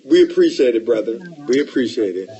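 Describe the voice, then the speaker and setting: A man's voice: medium pitch, lively intonation, fairly quick, dark tone, highs cut off. A man co-hosting a podcast in casual chat, with a drawling, folksy, sly way of talking. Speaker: podcast co-host.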